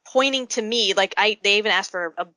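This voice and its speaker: A woman's voice: medium pitch, brisk, bright, forceful tone, dry recording. A young woman, a convention artist, chatting as a podcast guest and acting out quoted people as she tells a story. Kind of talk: casual podcast interview.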